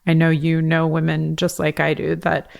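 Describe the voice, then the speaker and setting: A woman's voice: low voice, monotone, normal speed, vocal fry. A woman hosting a podcast interview, affirming and encouraging, with frequent murmured agreement. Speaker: podcast host. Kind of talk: interview conversation.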